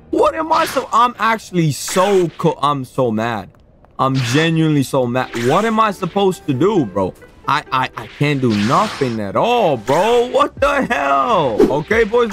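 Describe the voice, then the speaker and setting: A young man giving live gameplay commentary, excitable, swinging between flat mutters and frustrated shouts. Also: high voice. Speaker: gaming YouTuber. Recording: voice over loud game music. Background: game music.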